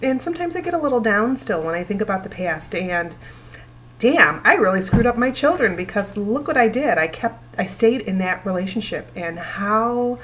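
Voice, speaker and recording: A woman in her forties talking to camera about her family's past, emotional and halting, pausing often. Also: medium pitch, animated, a little hiss or hum, poor audio. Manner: emotional, halting, breaks down at times. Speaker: vlogger. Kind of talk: personal talk to camera.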